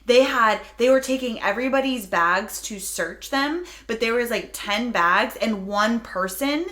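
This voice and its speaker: A woman co-hosting a podcast, telling travel stories in an excitable, gushing way. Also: fairly high pitch, measured pace. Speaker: podcast co-host. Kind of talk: casual storytelling chat.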